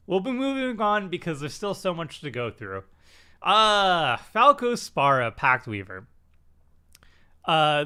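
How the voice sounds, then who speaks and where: Chatty man reviewing cards, slightly high voice. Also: sharp tone, clean tone. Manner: chatty, self-deprecating, many fillers and restarts. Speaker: commander stream host. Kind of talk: casual card review chat.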